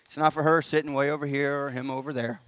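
A man's voice: medium pitch, level tone, quick pace, a bit bright, dry recording. A man preaching a sermon in church, in a folksy manner with rising emphasis on key points. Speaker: pastor. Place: church sanctuary.

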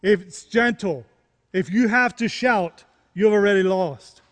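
A man's voice: high voice, measured pace, in a large hall. A man preaching a sermon, repeating key phrases and rising into emphatic questions. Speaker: pastor.

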